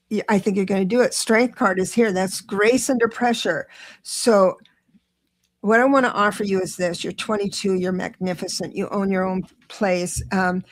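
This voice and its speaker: A middle-aged woman giving an excitable, reassuring live tarot reading, talking straight to her viewers. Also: medium pitch. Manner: chatty, reassuring, talks to viewers directly; excitable, rushes then slows down.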